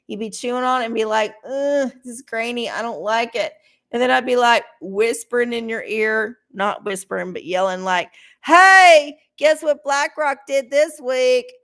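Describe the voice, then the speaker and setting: A woman's voice: medium pitch, vocal fry. A woman hosting a casual livestream, rambling bluntly with plenty of swearing and self-mockery. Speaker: livestream host doing oracle readings.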